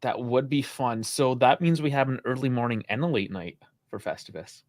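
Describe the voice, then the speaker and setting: A man's voice: medium pitch, moderate pace, no echo, studio quality. Laid-back man co-hosting a live stream. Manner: relaxed, laughs often. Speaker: podcast co-host. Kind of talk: casual live stream chat.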